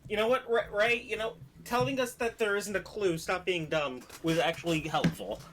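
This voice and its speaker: A man's voice: sits high, moderate pace, fairly bright tone, a little hiss or hum. A man streaming a game, joking casually and reading out narration. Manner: joking, mocking banter. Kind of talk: casual let's-play chat and narration reading.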